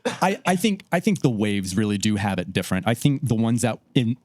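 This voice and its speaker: A man co-hosting a casual podcast, talking earnestly and haltingly, repeating words as he works toward his point. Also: lowish voice, big pitch swings, a little mellow, dry recording, studio quality. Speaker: podcast co-host. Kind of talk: casual chat.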